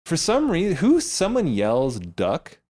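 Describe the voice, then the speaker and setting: A male podcast co-host in easy, casual conversation. His pitch swings widely as he gets animated, and he laughs often, restarting sentences on the fly. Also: normal speed. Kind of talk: casual chat.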